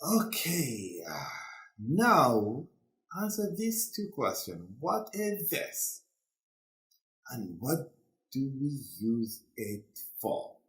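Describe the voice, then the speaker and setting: Slow-talking male English teacher. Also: medium pitch, wildly swooping pitch, roomy sound. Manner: slow, deliberate, quizzing students. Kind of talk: classroom lesson.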